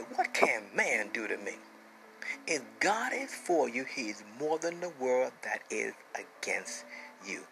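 A man preaching a sermon, emphatic, repeating phrases and dropping into hushed whispers. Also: medium pitch, creaky, slight background noise, poor audio.

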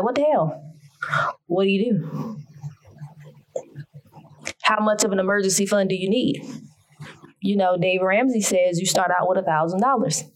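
A woman with a Southern American accent hosting her own podcast, talking casually in a folksy, emphatic, preachy way. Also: mid-range voice. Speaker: podcast host. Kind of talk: casual solo podcast talk.

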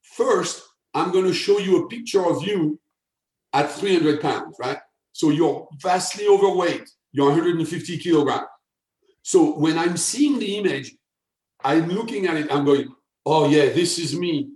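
A man, a guest expert, explaining step by step with examples and often checking in with a quick tag question. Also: on the high side, lively intonation, darkish tone. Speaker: guest, sales persuasion expert. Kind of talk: explanatory interview talk. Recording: echoey room.

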